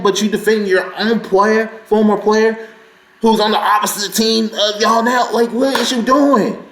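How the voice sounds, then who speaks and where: A man hosting a sports reaction vlog, talking in an excitable, indignant and rambling way. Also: high voice, echoey room. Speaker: sports channel host.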